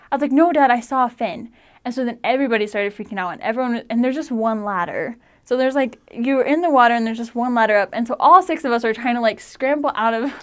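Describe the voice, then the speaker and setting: A young woman in her twenties tells stories in a relaxed, chatty way. Her voice sits slightly high. She fills her speech with "like" and slips into animated voices when quoting others. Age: 20s. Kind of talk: casual storytelling.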